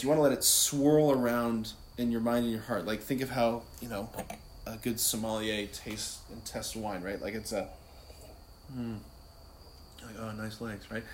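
A man speaking as a priest, teaching about prayer in a casual, conversational way, often adding "like" and "right?" as he goes. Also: mid-range voice. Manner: conversational, many "like" and "right?" asides. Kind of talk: casual spiritual teaching talk. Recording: echoey room with faint background noise.

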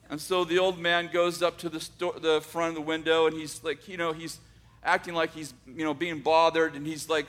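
Guy telling a story out loud, high-ish voice, slow with pauses and restarts. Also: little pitch movement. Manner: unhurried, with dramatic pauses and restarts. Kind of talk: oral storytelling.

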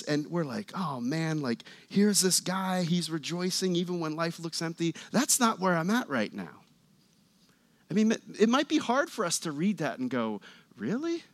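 A man preaching a sermon in a church, talking conversationally and getting louder and more animated as he reads scripture. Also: a little high, dry recording. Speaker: pastor.

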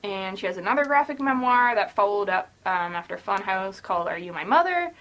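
A woman's voice: mid-range voice, animated, a little fast, a bit bright. Bubbly woman chatting on a podcast. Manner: bubbly, many fillers, giggly. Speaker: podcast co-host. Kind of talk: casual book podcast chat.

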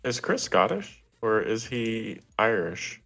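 A man's voice: on the low side, sing-song, slow, fairly bright tone, soft background music. A man co-hosting a gaming podcast, dry and teasing. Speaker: podcast co-host. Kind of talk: casual podcast chat.

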